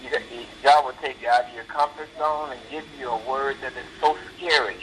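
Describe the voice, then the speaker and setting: A man's voice: medium pitch, steady tone, a little fast, a bit bright. An older man, an actor and interview guest, telling earnest, faith-filled stories in a rambling casual way with many fillers, while dealing with pain. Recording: echoey, distant with noticeable background noise.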